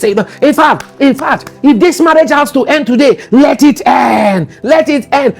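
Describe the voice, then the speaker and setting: A man's voice: very high voice, normal speed, gravelly, hardly any pauses, faint music behind. A Nigerian man giving a motivational talk, emphatic and repetitive, with teasing asides. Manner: emphatic, repetitive and teasing, sliding into mocking voices. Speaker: motivational speaker.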